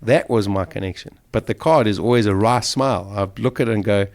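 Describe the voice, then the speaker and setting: Middle-aged guy telling his sea survival story, lowish voice, gets emotional. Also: a little fast, few pauses, darkish tone. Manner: emotional, vivid retelling of a survival ordeal. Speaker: interview guest. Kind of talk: storytelling in an interview.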